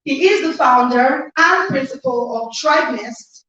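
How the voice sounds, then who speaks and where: A Nigerian woman hosts a motivational online conference with a high, bright voice, exuberant and emphatic as she repeats her phrases. Her sound is echoey and set back from the mic. The audio is dull and lo-fi. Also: lively intonation, a little slow, slight background noise. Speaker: host of an online conference livestream. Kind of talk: energetic motivational hosting. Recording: echoey distant lo-fi livestream audio.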